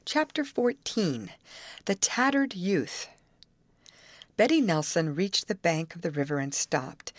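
A woman's voice: mid-range voice, dry recording. A woman reading a novel aloud as an audiobook narrator, telling the story expressively. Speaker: audiobook reader. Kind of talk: scripted narration.

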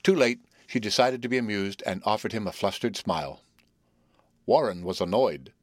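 Low-voiced male storybook narrator. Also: moderate pace, dry recording, clean studio sound. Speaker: audiobook narrator. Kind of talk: scripted narration.

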